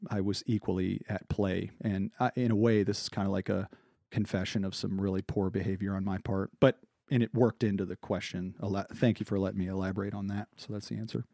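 A man's voice: on the low side, creaky, dark tone, no room sound, clean studio sound. A man talking as a guest on a podcast, earnest and rambling with many restarts. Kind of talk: casual podcast chat.

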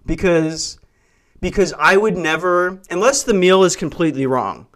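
A man's voice: high voice, expressive, normal speed, fairly bright tone. A young man hosting a podcast, ranting in an exasperated, profane comic style and mimicking people with mocking impressions. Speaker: podcast host. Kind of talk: comedic rant.

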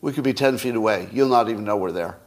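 A man putting on a brash, hyperbolic politician making a sales pitch in his own podcast commentary. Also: fast, natural voice. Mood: boasting. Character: boastful salesman politician, exaggerating freely.

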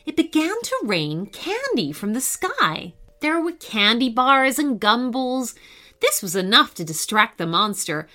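A woman narrating a children's story in a lively, expressive reading voice. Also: a little high.

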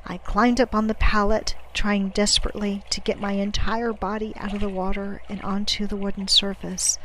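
A woman narrates an audiobook in the first person, her voice sitting in a plain middle register. Her delivery is measured and dramatic, and it sinks to a near-whisper when the tension builds, over faint background noise. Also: medium pitch, level tone, low-quality recording. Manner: measured, dramatic, dropping to a hush at tense moments.

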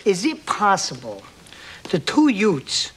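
A pushy, streetwise New York lawyer works the courtroom in a thick New York accent, fast and over-enunciated, with a lightly noisy film soundtrack. He apologizes in quick bursts and then presses on. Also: sits high, huge pitch swings, fairly bright tone, exaggerated voice. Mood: coaxing, insistent. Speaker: defense lawyer cross-examining a witness.

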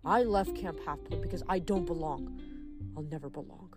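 A woman reading aloud, voicing a bitter, withdrawn teenage boy with a quiet, clipped, resentful delivery. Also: low-pitched, normal speed, music in the background, natural voice. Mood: defiant.

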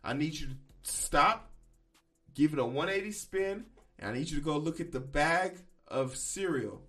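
A man hosting a podcast, giving blunt, profane opinion commentary in casual speech, with loud emphatic bursts. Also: on the high side, expressive, moderate pace, soft background music. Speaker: podcast host.

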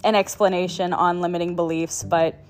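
A woman's voice: fairly low pitch, level tone, a little fast, faint music behind. A woman hosting her own podcast, talking in a casual motivational monologue, chatty, laughing often and swearing for emphasis. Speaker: podcast host.

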